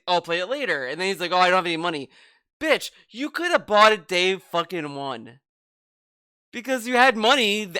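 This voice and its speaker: A man's voice: high voice, bright, forceful tone, clear, resonant tone, no room sound. A man hosting a reaction commentary video, ranting in a mocking, profane way about a streamer.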